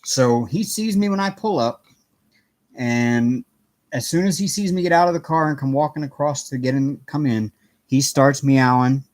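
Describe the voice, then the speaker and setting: A man talks loosely and chattily on a home live stream, wandering from thought to thought. He calls out viewers by name as he goes, in an easygoing, unhurried way from his apartment. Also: medium pitch, darkish tone, no echo. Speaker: livestream host chatting with viewers. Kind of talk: casual live-stream chat.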